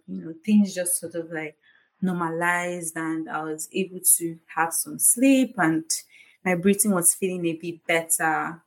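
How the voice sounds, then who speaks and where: A young adult woman from Nigeria hosting a podcast, telling a personal story candidly with many fillers. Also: lowish voice. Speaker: podcast host, foundation founder.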